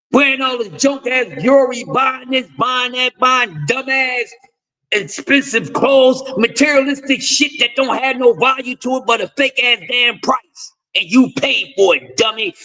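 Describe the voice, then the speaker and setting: A man's voice: extremely high pitch, bright, forceful tone, rough recording. A man hosting a boxing talk stream, delivering profane, confrontational commentary and lecturing his audience with repeated refrains. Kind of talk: ranting commentary.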